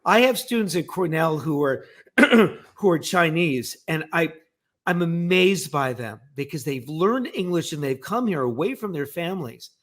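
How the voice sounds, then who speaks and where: A professor co-hosting a casual podcast discussion, thoughtful and a bit hesitant, chiming in with short agreements. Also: male voice, fairly high pitch, lively intonation, unhurried, a bit bright. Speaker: professor and co-host.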